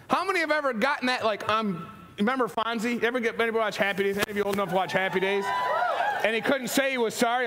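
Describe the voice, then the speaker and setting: With a high, bright and forceful voice, a leadership speaker keeps a live crowd engaged through a funny, playful motivational talk full of questions. The recording has slight background noise, faint ambience and long hall reverb.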